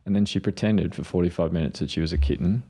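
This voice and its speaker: Gravelly deep-voiced man chatting. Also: fast talker, dark tone. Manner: storytelling, acts out quotes. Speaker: podcast co-host, mental health clinician. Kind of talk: casual parenting chat.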